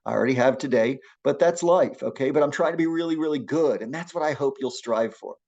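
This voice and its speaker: A middle-aged man teaching a public speaking class, lecturing in an energetic, encouraging way with frequent restarts. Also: medium pitch, a little fast, creaky, lo-fi sound.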